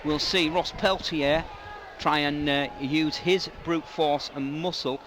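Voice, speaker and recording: A man giving live radio commentary on a rugby league match, his voice rising into shouts on attacking plays. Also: a little high, fairly even intonation, slow pace. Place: stadium commentary position. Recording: outdoor stadium with loud crowd and noise.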